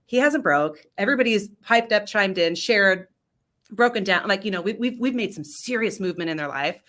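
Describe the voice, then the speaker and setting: A woman with a slightly low voice speaks as a leadership coach in an interview. She talks candidly and with emphasis, often tagging her points with "right?" to pull the listener along. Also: a bit bright. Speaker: leadership coach and business founder. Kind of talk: storytelling in an interview.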